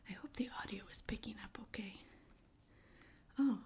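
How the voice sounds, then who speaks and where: A woman's voice: on the high side, moderate pace, pauses often. A woman hosting an ASMR podcast, chatting casually in a whisper while playing a video game in her bedroom. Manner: casual, chatty, laughs easily. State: a bit out of breath. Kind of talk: whispered ASMR gameplay chat.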